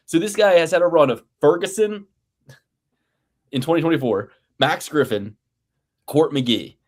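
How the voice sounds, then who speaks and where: A man's voice: on the high side, expressive, measured pace. A man co-hosting a casual sports betting podcast, ranting with profanity and sarcastic exasperation. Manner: sarcastic, mocking. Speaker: podcast co-host.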